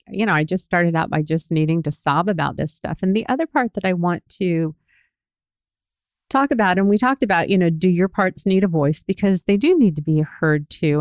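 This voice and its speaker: A woman with a notably low voice co-hosts a casual podcast. She speaks in an earnest, reflective way, and the sound is dry and close. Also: no room sound. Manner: earnest, reflective, speaks openly about feelings. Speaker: podcast co-host.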